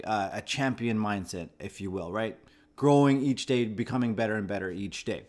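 A man's voice: medium pitch, a bit bright. Male host, 30s, medium voice, reflective first-person storytelling with frequent self-corrections. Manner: reflective and conversational, often restarting phrases. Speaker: host of a channel about anxiety. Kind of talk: personal story told to camera.

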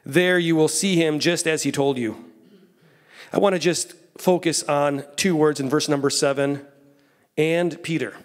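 A man in his thirties preaching an evening sermon in a church, telling the story with soft low asides and excited raised lines. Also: measured pace. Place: church sanctuary.

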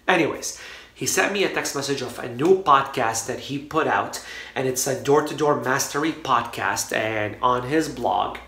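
A man's voice: mid-range voice, moderate pace, sharp tone. A man talking casually to camera in his office, rambling with many fillers and restarts as he addresses his viewers. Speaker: online marketing vlogger. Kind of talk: casual vlog talk to camera. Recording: roomy echo.

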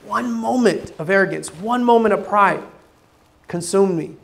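A man preaching a sermon as pastor, casual with slang, acting out the voices he quotes and swinging from loud bursts to low asides. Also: measured pace, gravelly.

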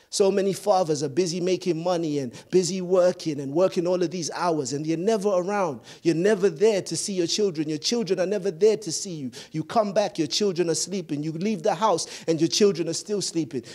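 A pastor with a high-leaning, darkish male voice delivers a sermon in a repetitive, emphatic cadence. When searching for words, he sometimes stumbles and repeats himself.

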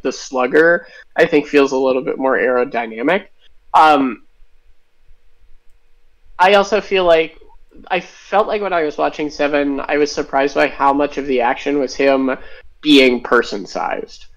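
A man's voice: on the high side, low-quality recording. A man answering interview questions as a game designer, enthusiastic and thinking aloud with tangents.

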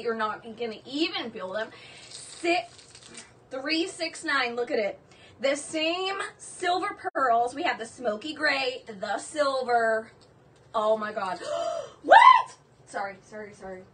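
A woman hosting a live jewelry sales stream, chatty and excitable, gushing over each piece. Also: sits high. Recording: distant mic with faint background noise.

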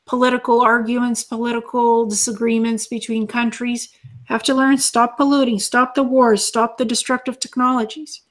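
A woman channeling as an alien being, calmly teaching and repeating her lessons as numbered lists. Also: a little high, normal speed.

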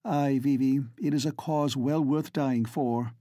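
A man voicing a resolute, earnest aristocratic Edwardian lady in an audiobook, speaking with quiet determination. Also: medium pitch, fairly even intonation, unhurried, no room sound, studio quality, close to an everyday voice. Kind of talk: audiobook character reading.

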